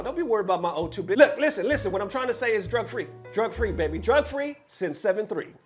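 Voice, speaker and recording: A man's voice: high voice, expressive, fast, hardly any pauses, soft background music. A man hosting an esports news vlog, ranting in casual, profane commentary and cracking jokes as he goes.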